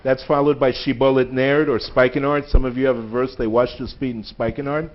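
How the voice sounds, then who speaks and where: A man's voice: medium pitch, level tone, fairly quick. A man giving a live lecture to a group in a synagogue, chatty and joking, laughing at his own puns. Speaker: guest lecturer. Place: synagogue hall. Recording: dull lo-fi phone recording.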